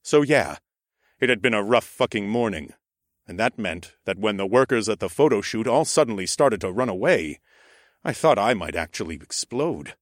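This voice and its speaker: A man narrating a first-person audiobook in an expressive, sardonic storytelling manner. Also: lowish voice, normal speed, dry recording, clean studio sound.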